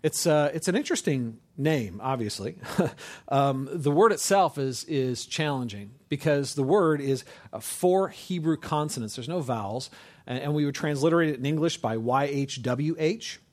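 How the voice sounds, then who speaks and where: A man's voice: on the high side, lively intonation, normal speed. Casual, conversational male preacher. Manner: conversational, many restarts and "right?" asides. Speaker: pastor. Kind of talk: sermon.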